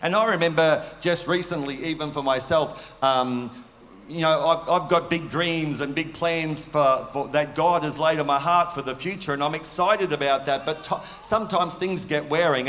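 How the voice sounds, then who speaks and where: Guy preaching a sermon in a big echoey hall, earnest and chatty, voice a bit on the high side. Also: moderate pace, a bit bright. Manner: earnest, conversational preaching with rhetorical questions. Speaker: pastor. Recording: long hall reverb.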